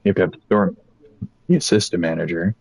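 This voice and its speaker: A young man casually telling a rambling, profane story about old jobs, animated as he quotes people. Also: low voice, fast talker, gravelly, no room sound, poor audio.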